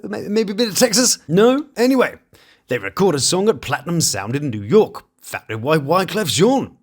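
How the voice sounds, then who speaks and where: A man hosting a commentary channel, mocking reality TV stars in a dry, sarcastic way. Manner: mocking, dry asides with sudden pitch jumps.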